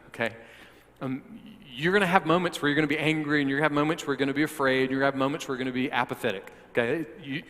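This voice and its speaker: A male pastor preaches a sermon, often repeating words as he restarts and asking the listeners direct questions. His voice is fairly high and fairly bright, carrying a long hall reverb.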